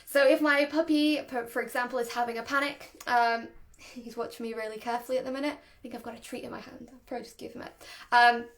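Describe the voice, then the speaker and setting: A woman's voice: a little high, fairly even intonation, quick pace. A woman, a dog trainer, giving a chatty, casual lesson and often laughing. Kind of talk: casual instructional talk.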